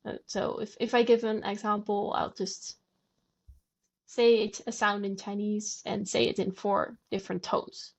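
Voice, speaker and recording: A woman's voice: mid-range voice, little pitch movement, measured pace, vocal fry. A woman guest on a podcast, patiently explaining language and demonstrating sounds aloud. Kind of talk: conversational explanation.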